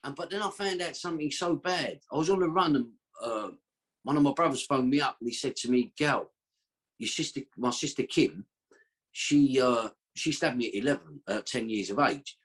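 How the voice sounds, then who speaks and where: Husky-voiced man. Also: medium pitch, moderate pace. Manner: rambling, slangy, streetwise. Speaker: podcast guest. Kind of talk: casual storytelling.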